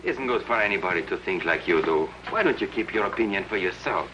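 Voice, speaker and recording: An actor playing a sensible, protective friend in an old film, scolding and reasoning. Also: male voice, low voice, animated, fast talker, pushed and bright, slight background noise. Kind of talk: 1950s film acting. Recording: dull lo-fi old film sound with music.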